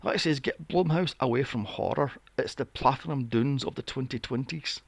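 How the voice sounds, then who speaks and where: A man's voice: mid-range voice, normal speed, creaky, no room sound. A man hosting a podcast, ranting about films in a casual, exasperated and profane way. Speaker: podcast host. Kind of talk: casual film review rant.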